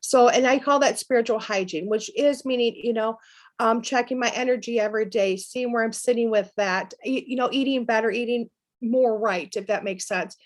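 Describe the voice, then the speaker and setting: A middle-aged woman, a psychic medium guest, telling personal stories in a lively, chatty way. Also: fairly high pitch, moderate pace. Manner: lively anecdotal telling with laughs. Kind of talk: storytelling interview chat.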